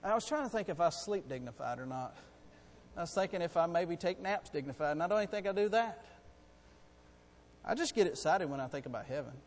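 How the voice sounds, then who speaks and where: A man preaching a sermon in a church, excitable and swinging between soft asides and loud exclaiming. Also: a little high, a little fast, long reverb tail, slight background noise. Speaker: pastor. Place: church sanctuary.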